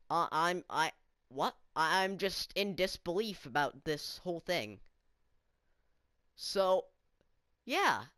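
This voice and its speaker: A woman's voice: on the low side, a bit bright, no echo, studio quality. A woman telling a story-time vlog in an indignant, incredulous rant, swearing often. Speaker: student vlogger.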